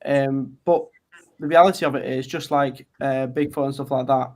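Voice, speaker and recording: A British man, a guest on a podcast, talking in a relaxed, hesitant way with many pauses. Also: mid-range voice. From Britain. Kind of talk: casual podcast chat.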